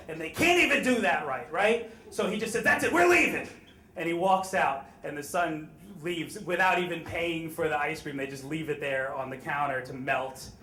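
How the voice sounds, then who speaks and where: A man tells a wry, self-deprecating story on a live stage, his voice a bit higher than most. The room echoes noticeably, with faint ambience behind him. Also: a bit bright, a little hiss or hum.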